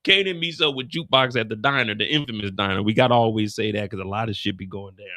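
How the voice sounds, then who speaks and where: A man hosting a casual live recap show, talking animated and profane. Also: lowish voice, fast talker, no echo. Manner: animated, profane, laughing aside. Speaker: host.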